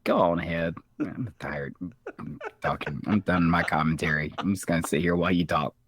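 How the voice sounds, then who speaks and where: A man's voice: sits low, normal speed, a bit bright, breathy edge, no echo. A man co-hosting a podcast in a casual, laid-back, wry manner. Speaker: podcast co-host. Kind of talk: casual chat recapping a TV episode.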